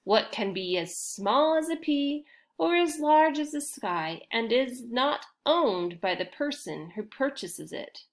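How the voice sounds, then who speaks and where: A woman voicing an angry, short and wide male bridge troll in a storybook reading, shouting slow, demanding words. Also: fairly high pitch, lively intonation, pitched above the performer's own voice. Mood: menacing.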